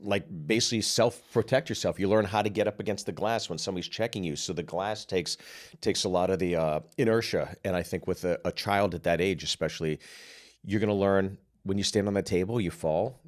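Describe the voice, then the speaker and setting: A man co-hosting a podcast, telling stories in a relaxed, casual way with many fillers and asides. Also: sits low, a little fast. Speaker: podcast co-host. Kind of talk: casual storytelling chat.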